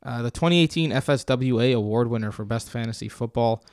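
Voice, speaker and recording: A young man co-hosting a fantasy football podcast in a relaxed, chatty way. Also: medium pitch, quick pace, no room sound, clean studio sound. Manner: relaxed, chatty, reads out promo codes. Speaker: podcast co-host. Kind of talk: casual podcast chat.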